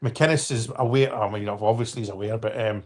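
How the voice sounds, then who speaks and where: A man's voice: on the low side, fairly even intonation, moderate pace, darkish tone. A man in his fifties hosting a casual live-stream football chat, rambling with restarts and apologies and talking to viewers by name. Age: 50s.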